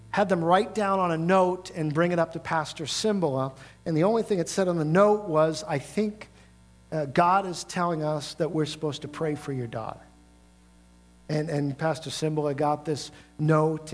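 Man, pastor, sermon storytelling, conversational, emphatic peaks, soft background music. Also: a little high. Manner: conversational with frequent fillers, building to emphatic peaks.

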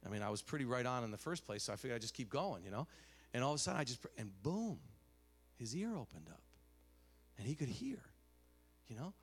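A man preaching a sermon, telling stories animatedly, dropping to a hush and rising loud again, with many restarts. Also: mid-range voice, sing-song, fast talker, pauses often, breathy edge, faint music behind.

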